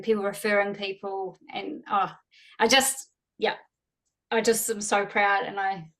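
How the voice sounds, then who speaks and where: A woman telling an emotional, excited story about a teammate on a video call. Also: mid-range voice, unhurried. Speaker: team leader on a call.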